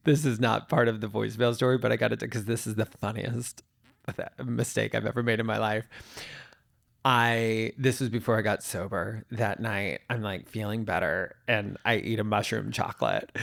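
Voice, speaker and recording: A man co-hosting a podcast, telling a long story in an animated, dramatic way. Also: fairly low pitch, normal speed, vocal fry. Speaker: podcast co-host. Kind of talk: casual storytelling chat.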